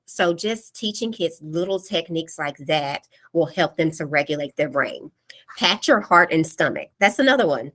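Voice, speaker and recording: A woman presenting an online parenting workshop, explaining practical calming techniques step by step in a plain, practical way. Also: deep voice, normal speed.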